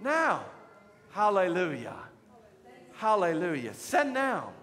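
A male pastor preaches in a bright, high voice that rings through a church hall. He leads the congregation in call-and-response and climbs into shouted declarations. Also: wildly swooping pitch, takes it slowly. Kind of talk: sermon. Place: church sanctuary.

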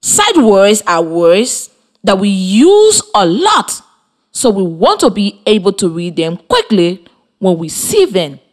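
A woman from Liberia teaching a primary lesson over the radio, with slow, clearly articulated, encouraging instruction to children. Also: medium pitch, very animated. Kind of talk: slow scripted classroom instruction. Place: radio studio with students present.

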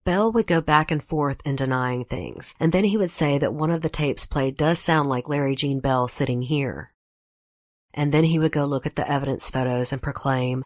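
Very low-voiced woman narrating true crime. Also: soft background music. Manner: measured, reads quotes in her own voice. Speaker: true crime podcast host.

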